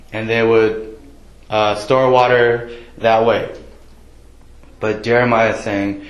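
A man preaching casually in an echoey room. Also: fairly low pitch. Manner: casual, conversational preaching with many fillers. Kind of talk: sermon.

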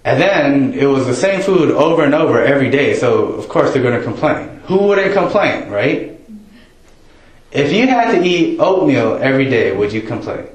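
A man delivering a sermon in a chatty, joking way, his voice sitting in a middle pitch. He acts out people's prayers in a raised voice. The sound carries a roomy echo, as if from a church hall. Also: very animated, normal speed. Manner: conversational, jokey, quotes prayers in raised voice. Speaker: pastor.

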